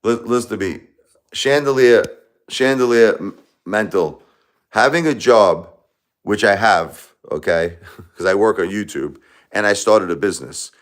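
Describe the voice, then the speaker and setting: A man hosting a live stream, lecturing and scolding his chat commenters in a confrontational, repetitive way. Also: on the low side. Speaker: livestream host.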